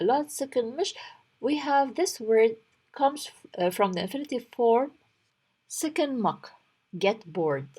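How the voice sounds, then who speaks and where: A woman's voice: a little high, darkish tone, breathy edge. A young woman teacher patiently explaining a story word by word in a language lesson.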